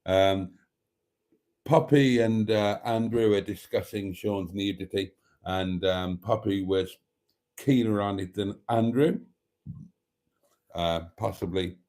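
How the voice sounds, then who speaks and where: Mellow British man bantering on a livestream. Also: fairly low pitch, takes it slowly, long pauses. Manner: reads viewer comments aloud and banters back; chuckling, joking, often clears his throat. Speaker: livestream host. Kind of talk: casual livestream chat.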